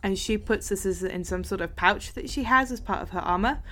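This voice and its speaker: A woman's voice: mid-range voice, fairly quick, bright, forceful tone. A woman narrating a tabletop game as game master, playful and swearing freely.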